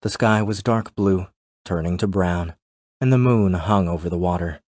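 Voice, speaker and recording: A man narrating a thriller audiobook in a steady, measured way. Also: low voice, no echo, clean studio sound.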